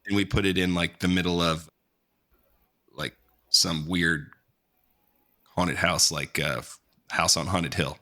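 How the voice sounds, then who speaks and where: A man's voice: deep voice, steady tone, takes it slowly, long pauses, sharp tone. A man hosting a podcast in casual, laid-back chat, joking and swearing easily. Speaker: podcast host.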